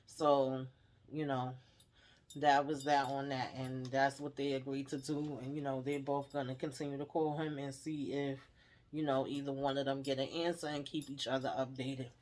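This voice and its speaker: A woman's voice: rumbling low, little pitch movement, normal speed, darkish tone. A woman hosting a casual TV episode recap, chatty and emphatic, often tagging on "okay?" and "you know". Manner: laughs while retelling. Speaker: TV recap host.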